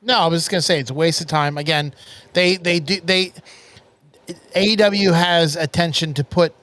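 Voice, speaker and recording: A man's voice: a little high, moderate pace, a bit bright. A man co-hosting a casual wrestling review podcast, arguing his point and teasing the others. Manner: argumentative, interrupts and teases. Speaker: podcast co-host.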